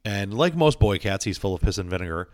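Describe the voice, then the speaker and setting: A man's voice: lowish voice, animated, fast talker, no echo, clean studio sound. A man chatting casually as a podcast co-host, telling rambling stories full of fillers and playful asides. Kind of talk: casual chat.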